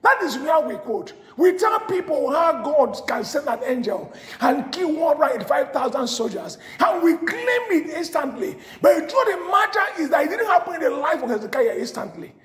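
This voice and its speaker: A man preaching a sermon with great passion, swinging from shouts to low murmurs. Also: big pitch swings, normal speed, hardly any pauses, reverberant.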